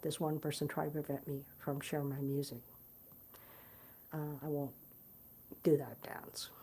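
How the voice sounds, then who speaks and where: A woman's voice: sits low, dark tone, slight background noise. A woman musician talking casually to her viewers, rambling and earnest, with many fillers and restarts. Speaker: musician promoting her concert. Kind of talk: casual talk to camera.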